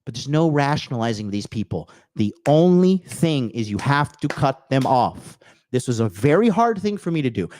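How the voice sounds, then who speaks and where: A man's voice: medium pitch, moderate pace. Crude, fired-up man ranting. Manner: blunt, crude and animated, acting out quoted voices. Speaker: podcast host. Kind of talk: profane motivational rant. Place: apartment or home in Tokyo.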